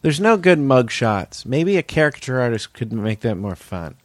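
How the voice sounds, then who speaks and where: A man's voice: mid-range voice, big pitch swings, normal speed, dry recording, clean studio sound. A man co-hosting a comedy podcast, playfully riffing and resetting the scene for listeners. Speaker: podcast co-host. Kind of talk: improvised comedy chat.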